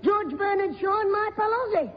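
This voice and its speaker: A woman doing a cheeky, very high-voiced schoolboy. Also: normal speed. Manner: cheeky, wisecracking. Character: cheeky young schoolboy, quick-witted joker. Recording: dull old radio recording with reverb and hiss.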